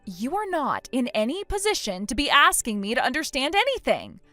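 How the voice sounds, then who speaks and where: A woman's voice: high-pitched, huge pitch swings, fairly quick, bright, forceful tone, dry recording, faint music behind, full character voice. A woman voicing a furious, injured young bride who speaks in a cold, scornful and firm way. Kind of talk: text-message story voice acting.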